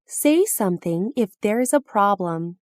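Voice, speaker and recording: A woman reading practice phrases slowly and carefully for language learners, each line delivered clearly and deliberately. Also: mid-range voice, lively intonation, no echo, clean studio sound. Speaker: phrase reader.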